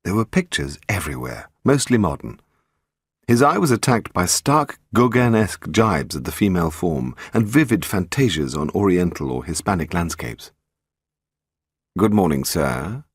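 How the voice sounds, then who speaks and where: A man narrating a detective novel aloud in a measured, expressive manner. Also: low-pitched, slightly rough, no echo, clean studio sound. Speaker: audiobook narrator. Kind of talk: scripted narration.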